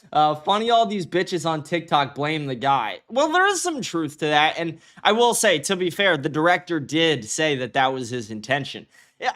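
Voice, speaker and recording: A man's voice: on the high side, fairly bright tone. A man hosting a livestream in casual commentary, talking in a loose, profane, rambling way and laughing at his own stories. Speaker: livestream host.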